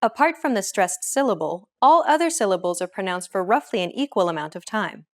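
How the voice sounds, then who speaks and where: A woman hosting a language lesson, explaining with clear, friendly, scripted narration. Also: medium pitch, lively intonation, brisk, a little hiss or hum.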